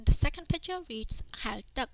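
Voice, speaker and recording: A woman's voice: high voice, lively intonation, normal speed, creaky, slight background noise. A woman teaching a reading lesson in a voice-over, patiently sounding out each syllable one at a time before saying the whole word. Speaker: language teacher. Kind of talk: slow spelled-out reading lesson.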